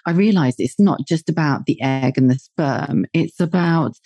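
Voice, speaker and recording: A woman's voice: sits low, lively intonation, moderate pace, mellow, no room sound. A woman in her forties from the UK, a podcast host chatting casually in a blunt, sweary way and laughing often. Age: 40s. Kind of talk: casual chat.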